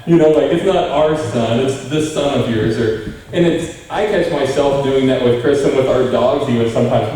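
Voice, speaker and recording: A man's voice: medium pitch, moderate pace, warm tone. A young man, a pastor, preaching a sermon in a casual, conversational way and often asking the congregation questions. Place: church sanctuary. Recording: very echoey room, far from mic.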